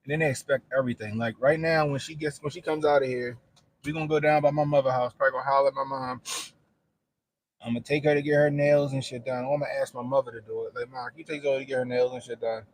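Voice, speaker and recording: A man's voice: medium pitch, fairly even intonation, quick pace, a little hiss or hum. A middle-aged man chatting casually on a stream, telling blunt, profane stories and laughing often. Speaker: streamer and commentator. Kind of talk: casual profane livestream chat.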